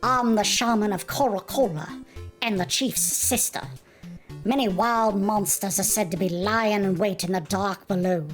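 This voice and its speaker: A woman's voice: medium pitch, a little slow, soft background music, pitched above the performer's own voice, lightly acted. A woman voicing a solemn, mystical island shaman who is the chief's sister, reading game dialogue aloud.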